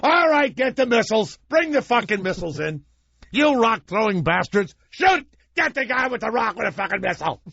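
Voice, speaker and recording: A man's voice: high-pitched, big pitch swings, brisk, gravelly, dry recording, muffled recording, pitched above the performer's own voice, exaggerated voice. A man putting on the voice of a furious male military commander barking profane orders. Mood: enraged. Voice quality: yelling, profane barked orders.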